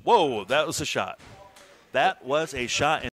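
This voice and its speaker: A man casually commentating a golf video game stream, joking, swearing and bursting into excited shouts. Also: mid-range voice, takes it slowly, noisy background.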